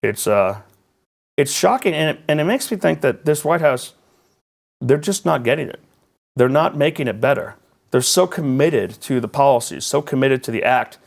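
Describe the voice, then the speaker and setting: A man, a political journalist talking as a guest in a conversational interview, animated and rambling with sarcastic asides. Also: mid-range voice, moderate pace, creaky.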